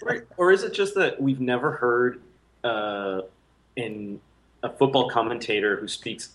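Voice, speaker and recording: A man's voice: mid-range voice, unhurried, a bit bright, poor audio. A man in casual podcast talk about football media, thinking aloud with frequent ums and restarts. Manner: thoughtful, hesitant with many fillers. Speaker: podcast co-host. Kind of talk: casual chat.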